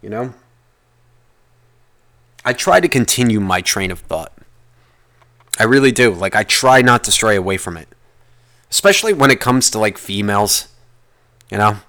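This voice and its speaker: A man's voice: lowish voice, lively intonation, normal speed, pauses often, bright, forceful tone. A man hosting a solo podcast, ranting in a rambling way and swearing constantly as he vents. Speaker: podcast host. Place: lives in the United States.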